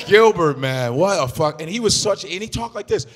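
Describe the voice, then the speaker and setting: A man doing improvised stand-up comedy, loud and animated, swearing and shouting his punchlines. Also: high-pitched, normal speed, in a large hall, background noise.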